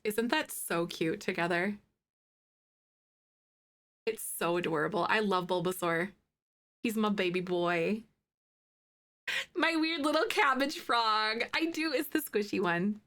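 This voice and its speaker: A woman's voice: medium pitch, expressive, slow, long pauses, fairly bright tone. A woman in her thirties chatting casually with live viewers on her stream, bubbly and giggly, gushing over things she loves. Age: 30s. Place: home streaming setup with green screen.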